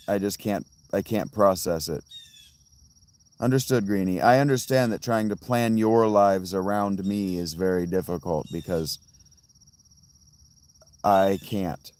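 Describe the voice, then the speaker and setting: A man's voice: low-pitched, a little mellow, clear, resonant tone. A man chatting casually on a live stream outdoors by a fountain, answering viewers' comments in a rambling, tangential way with many restarts. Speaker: livestreamer reading chat.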